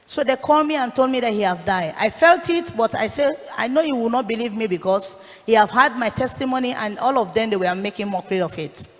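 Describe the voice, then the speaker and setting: A woman's voice: a little high, animated, brisk. A woman giving an earnest church testimony, telling her story with a raised, pleading voice. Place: church hall. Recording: long hall reverb.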